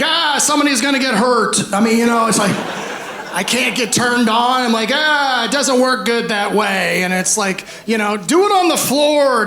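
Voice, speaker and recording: A man in his fifties performing a stand-up comedy set on a club stage, animated, acting out voices and shouting punchlines. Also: extremely high pitch. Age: 50s. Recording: roomy live club sound with faint crowd noise. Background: audience laughter.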